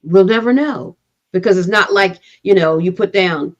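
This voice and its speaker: A woman's voice: mid-range voice, moderate pace, lo-fi sound. A woman co-hosting a casual panel chat, engaged and asking rhetorical questions. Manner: engaged, asks rhetorical questions, laughs along. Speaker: co-host.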